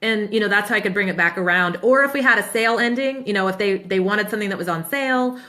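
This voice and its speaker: A woman in her thirties, a business coach answering questions in a casual live Q&A, chatty and upbeat and quick to laugh. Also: mid-range voice, sharp tone. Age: 30s.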